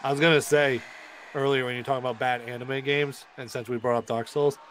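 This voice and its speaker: A man's voice: mid-range voice, flat delivery, fast, fairly bright tone, a little hiss or hum. A man joining casual chat on a gaming live stream with short remarks.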